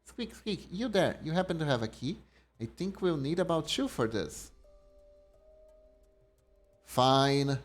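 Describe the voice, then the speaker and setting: A man voicing a small, timid, polite mouse-like creature from a game, adding little squeaks between lines. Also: lively intonation, slow pace, long pauses, soft background music. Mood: squeaky polite. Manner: high squeaky voice punctuated by squeaks. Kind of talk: reading game dialogue aloud in character.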